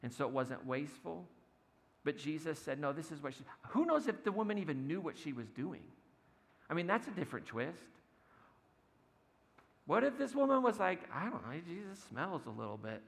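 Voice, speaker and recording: Gravelly male pastor in echoing church. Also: fairly high pitch, sing-song, moderate pace, pauses often, a bit bright. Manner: conversational storytelling, acts out quotes, laughs often. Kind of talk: sermon. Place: church sanctuary.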